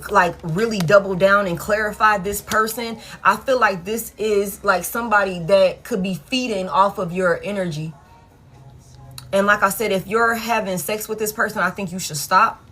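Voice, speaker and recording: A woman's voice: medium pitch, bright, forceful tone. A woman giving a casual live tarot reading, blunt and frank, swearing freely and repeating herself for emphasis. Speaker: tarot reader.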